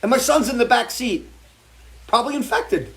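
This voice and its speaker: A man's voice: very high-pitched, lively intonation, normal speed, gravelly, fairly bright tone. A man hosting a live music show, talking off the cuff in an impassioned, swearing rant full of restarts. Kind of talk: off-the-cuff livestream talk. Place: home porch.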